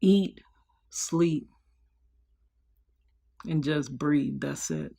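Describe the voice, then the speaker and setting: A young woman speaking into her own vlog, her low voice gravelly with fry. She talks slowly and wearily, trailing off and starting over, as if thinking aloud. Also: dark tone. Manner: slow, heartfelt, trailing off and restarting. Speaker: vlogger. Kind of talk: personal vlog confession.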